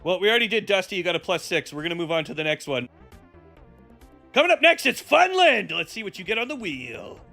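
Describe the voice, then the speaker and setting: Brief: man hosting a live stream, bright and high, energetic announcer who swears freely. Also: racing, few pauses, faint music behind. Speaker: host.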